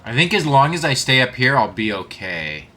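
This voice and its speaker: A man's voice: mid-range voice, very animated, normal speed, sharp tone. A man giving casual, self-deprecating commentary while streaming a video game and greeting his chat.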